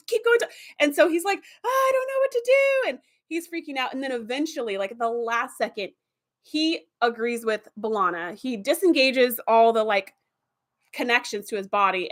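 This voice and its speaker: Chatty woman gushing about tv episodes, fairly high voice, lots of "like"s. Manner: animated, chatty, with fillers and laughs. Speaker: TV episode reviewer. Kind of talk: casual retelling of episodes.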